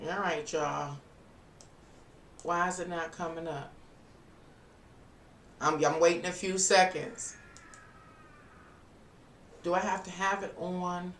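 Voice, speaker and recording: Thinking aloud during a casual stream, this tarot reader and live streamer works at a computer indoors. The medium-pitched voice is a bit bright but varies little in pitch, speaking slowly with long pauses. The recording has slight hiss or hum, a roomy distant-mic quality, and faint music.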